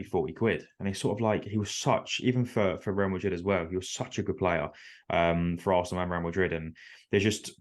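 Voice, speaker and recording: A man talks quickly and firmly on a casual podcast, teasing his co-hosts. His voice is very low. He rattles through his points at speed.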